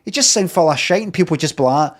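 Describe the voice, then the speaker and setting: This Scottish man's voice is on the high side, with lively intonation and a fast delivery. Streaming, he goes through a casual, rambling monologue full of swearing, ums, and uhs.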